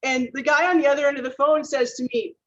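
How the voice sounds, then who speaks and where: A woman's voice: high-pitched, fairly even intonation, fast talker, a bit bright, highs cut off. A woman speaker from Minnesota giving a motivational talk, telling personal stories earnestly and laughing at her own mistakes. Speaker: keynote speaker.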